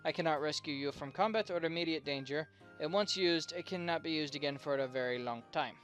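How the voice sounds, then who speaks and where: A man's voice: fairly high pitch, fairly bright tone, soft background music, close to an everyday voice. Man putting on a formal foreign trader woman. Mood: courteous. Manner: formal, halting speech with a vague foreign lilt. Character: humble foreign female trader, polite and mercenary. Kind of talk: reading game dialogue aloud.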